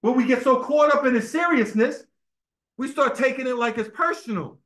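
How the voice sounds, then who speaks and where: A man's voice: very high-pitched, normal speed, a bit bright. A man giving an informal sermon at a temple meeting, telling personal stories in a conversational way, often repeating words and asking his listeners "right?". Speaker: speaker at a religious temple meeting. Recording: echoey room.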